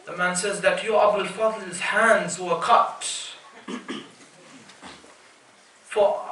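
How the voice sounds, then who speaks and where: Male reciter from the UK, emotive mourning sermon, high voice, echoey hall, distant mic. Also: bright, forceful tone, a little hiss or hum. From United Kingdom. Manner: emotive, addresses the crowd as brothers and sisters. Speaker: religious reciter. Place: mosque hall.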